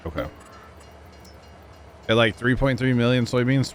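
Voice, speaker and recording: Young male streamer host, relaxed rambling banter, medium pitch. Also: measured pace, pauses often, slight background noise. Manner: laid-back, rambling, chatting with friends and chat. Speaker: livestream gaming host. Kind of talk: casual chat with stream viewers. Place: cold home room with heaters.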